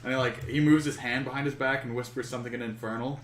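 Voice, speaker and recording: A man's voice: medium pitch, fairly even intonation, quick pace, slight background noise. A man playing a tabletop game, speaking in a hesitant, matter-of-fact way. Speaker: player. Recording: echoey room.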